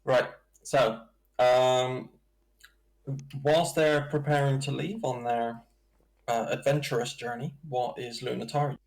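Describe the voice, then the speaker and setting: A man narrates a tabletop adventure as game master, his voice gravelly with fry. He talks in an easygoing, halting way, leaning on fillers as he goes. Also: mid-range voice, steady tone. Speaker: dungeon master.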